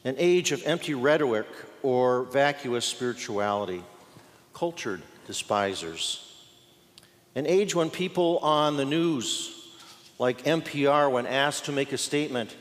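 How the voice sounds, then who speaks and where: A pastor preaching a sermon in a folksy style, with playful asides and dramatic pauses. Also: male voice, mid-range voice, animated. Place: church sanctuary. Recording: long church reverb.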